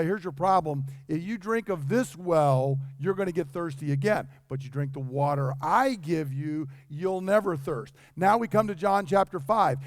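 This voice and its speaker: A man's voice: a little high, no room sound. A man preaching a sermon in a conversational way, acting out the dialogue he quotes. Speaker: pastor.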